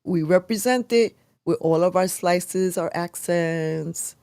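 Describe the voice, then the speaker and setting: A woman's voice: lowish voice, takes it slowly, dark tone, no echo, studio quality. A woman from New York City, co-hosting a casual political livestream, talking animatedly and slipping phrases into her English. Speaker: livestream co-host.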